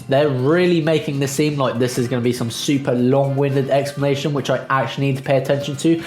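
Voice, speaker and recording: A man hosting a casual let's play, cracking jokes and talking straight to his audience with loose fillers. His mid-pitched voice sits in a roomy, echoing room, with faint music underneath. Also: fairly even intonation, fairly quick, few pauses, darkish tone. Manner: chatty, jokey, uses "guys" and "um". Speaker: gaming channel host.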